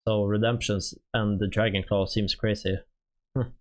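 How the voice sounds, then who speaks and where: A man with a Swedish accent, a native Swedish speaker, streaming and reading through game units in a halting, casual way with many fillers. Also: fairly low pitch, flat delivery.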